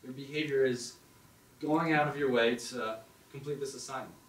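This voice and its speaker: Young man, animated open mic monologue, mid-pitched voice, roomy hall, heard from afar. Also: moderate pace. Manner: animated, acts out quoted thoughts in second person. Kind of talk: storytelling monologue. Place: performance hall. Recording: echoey hall, distant mic, faint noise.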